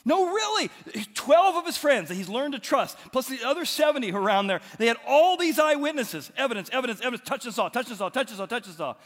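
A man voicing a group of excited male disciples, high-pitched and insistent. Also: quick pace, few pauses, big-room sound, heavily acted.

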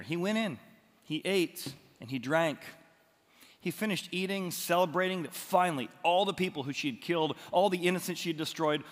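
Male pastor, animated storyteller, voice swinging widely up and down, recorded in a reverberant hall. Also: fairly high pitch. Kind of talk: expository sermon.

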